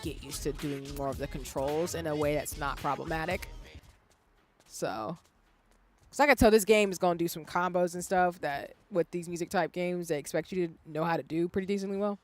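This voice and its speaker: A young woman chatting casually and animatedly while streaming a game, quick to laugh. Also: lowish voice. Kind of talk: casual gaming stream chat.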